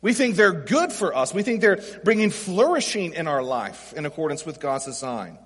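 Male pastor, high husky voice, chatty sermon delivery, long hall reverb. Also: big pitch swings, moderate pace, a bit bright. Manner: conversational preaching with acted quotes and rhetorical questions.

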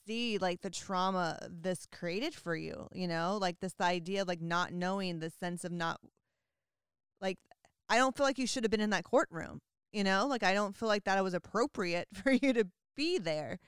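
Woman podcast host, casual chat, gushing, lots of fillers, crisp bright voice, dry close mic. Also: medium pitch, moderate pace, no echo.

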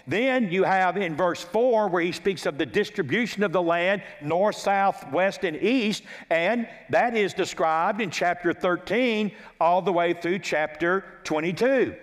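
High-voiced pastor in a reverberant hall. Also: male voice, unhurried, hardly any pauses. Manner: methodical, lists chapter and verse references; repeats key lines for emphasis. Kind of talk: expository sermon. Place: church sanctuary. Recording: long church hall reverb.

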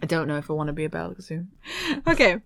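A woman's voice: sits low, rapid-fire, creaky, fairly bright tone, dry recording. A woman co-hosting a podcast, chatting casually and giggling as she tells history with asides. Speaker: podcast co-host. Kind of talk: casual chat.

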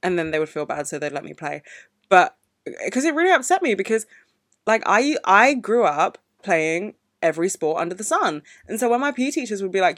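Young female podcast host, blunt and sweary, rambling casual chat, bright forward tone, close dry mic. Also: fairly low pitch, sing-song, brisk, no echo. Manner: candid, profane, rambling with many "like"s.

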